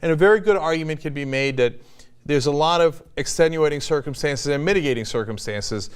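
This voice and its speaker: A man's voice: on the high side, fairly quick, clean tone. A middle-aged man hosting an online news show, arguing his opinions bluntly and swearing casually. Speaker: news commentary host.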